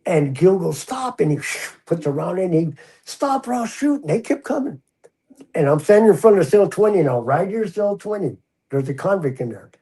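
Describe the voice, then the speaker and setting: A man's voice: a little high, animated, a little fast, dark tone, slightly rough, poor audio. An older man, a retired prison officer, tells a story in a casual interview and acts out the voices he quotes.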